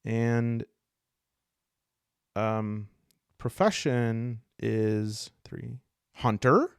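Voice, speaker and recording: A man's voice: medium pitch, drawn-out words, clear, resonant tone, no echo, clean studio sound. A man hosting and narrating his solo tabletop game in chatty, self-correcting talk to his viewers. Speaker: solo game player and host.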